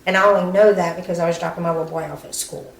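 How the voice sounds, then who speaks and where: A woman interviewed about her sister's death, speaking haltingly and acting out what people said to her. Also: fairly low pitch, fairly even intonation, creaky. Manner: halting, acts out quoted dialogue, frequent "um" and "you know". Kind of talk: recounting events in an interview. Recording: echoey room with faint background noise.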